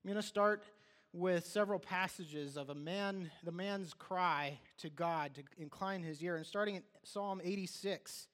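A man's voice: high-pitched, measured pace, a bit bright. A man preaching a sermon in a loose, conversational way, often restarting his sentences and acting out what people say. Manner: conversational, with restarts and acted-out quotes. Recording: long hall reverb.

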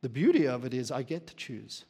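A man preaching a sermon as pastor, earnest and repeating words as he searches for them, sometimes clearing his throat. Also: medium pitch, very animated, fairly quick, warm tone, in a large hall.

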